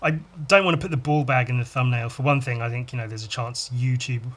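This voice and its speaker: A man's voice: medium pitch, quick pace, fairly bright tone. Crude, rambling male podcaster. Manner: crude, rambling, self-mocking jokes. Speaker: podcast host and illustrator. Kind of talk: casual drawing-podcast monologue.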